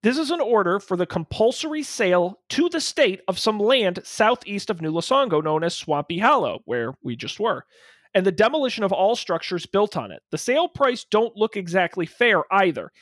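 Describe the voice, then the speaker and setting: A man narrating a detective role-playing game as game master, in animated noir style with playful asides. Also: sits high, normal speed, no echo, clean studio sound.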